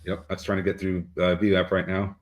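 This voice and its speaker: A man co-hosting a live market show who talks through price levels in a halting way with many filler sounds. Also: low-pitched, monotone, muffled recording. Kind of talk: live trading commentary.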